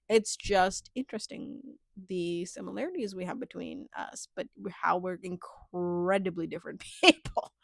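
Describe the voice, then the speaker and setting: A woman's voice: fairly low pitch, a little slow, gravelly, no room sound, clean studio sound. A young woman vlogging a casual recap of a reality show, chatty and full of filler words. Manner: chatty, heavy filler words, frequent laughs. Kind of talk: casual reaction chat.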